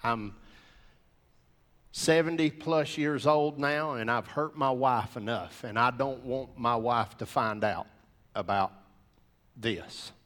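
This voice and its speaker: A man voicing a guilt-ridden older man in his seventies, speaking low and confessionally. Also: slow, pauses often, a bit bright. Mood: regretful.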